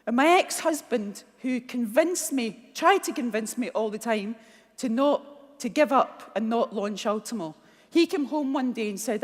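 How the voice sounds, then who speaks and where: A middle-aged Scottish woman giving a keynote speech, telling blunt, animated stories and acting out the dialogue. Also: a little high, normal speed. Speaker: keynote speaker. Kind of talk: motivational keynote storytelling. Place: large conference hall. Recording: long hall reverb.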